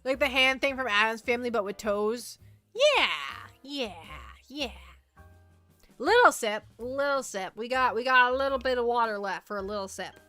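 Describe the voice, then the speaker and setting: A woman streaming as a VTuber, chatting casually in a rambling, animated way and reacting to her chat. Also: a little high, normal speed, no echo, soft background music. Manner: rambling, animated storytelling, reads chat aloud.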